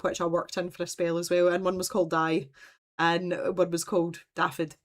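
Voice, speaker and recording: A woman hosting a casual craft livestream, telling long, rambling stories and reading out viewer comments. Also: on the low side. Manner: rambling, chatty storytelling, reads out viewer comments.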